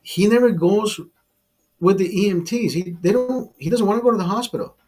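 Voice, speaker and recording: Talking fast in a high voice, a man hosting a casual drinking livestream spins a rambling, foul-mouthed story about a bar for his audience.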